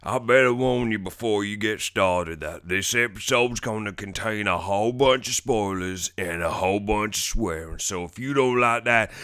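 A man voicing a frontier cowboy greeting a saloon guest with a slow, folksy drawl. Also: lowish voice, fairly bright tone, clear, resonant tone, dry recording, studio quality, pitched below the performer's own voice, natural voice. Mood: folksy welcome.

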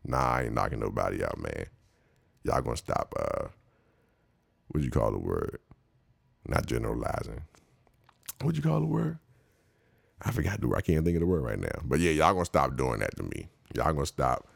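Deep gravelly man telling stories. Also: no room sound, studio quality. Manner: laughs often, slangy and rambling. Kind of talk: casual comic storytelling.

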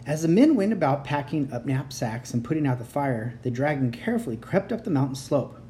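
Mellow children's book reader, gentle even narration, faint ambience. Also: medium pitch, a little fast, slight background noise. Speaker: storyteller. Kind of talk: reading a children's chapter book aloud.

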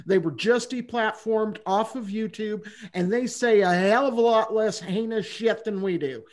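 A man co-hosting a podcast, making his case in an earnest, measured way. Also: high-pitched. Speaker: podcast co-host. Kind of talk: casual podcast chat.

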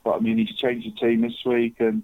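Speaking briskly in a mid-range voice with a completely flat delivery, a man who co-hosts a podcast and tips football chats casually and rambles. He calls everyone "mate", and the audio sounds tinny, like a phone line.

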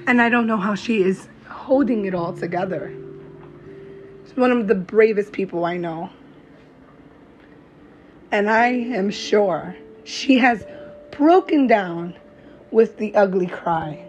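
In her vlog, a young adult mother addresses the camera with slow, emphatic words that are heartfelt, profane, blunt and encouraging. She has a medium-pitched voice, and the slightly dull lo-fi audio carries a little hiss or hum plus faint background music.

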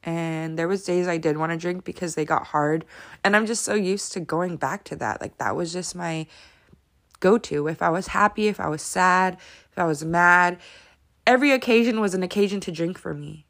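A woman's voice: lowish voice, moderate pace, fairly bright tone. A woman in her thirties talking candidly to camera as she answers follower questions, emotional and sometimes close to tears, with lots of fillers. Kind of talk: casual confessional talk to camera.

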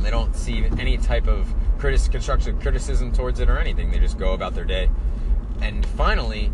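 A young man, a warehouse worker, ranting in a crude, blunt, rambling way. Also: fairly low pitch. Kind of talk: casual rant. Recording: loud background noise.

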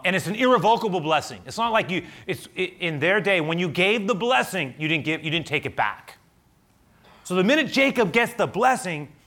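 A male pastor preaching a sermon, telling a scripture story with lively, acted-out energy. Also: fairly high pitch. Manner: animated storyteller, acting out the scripture.

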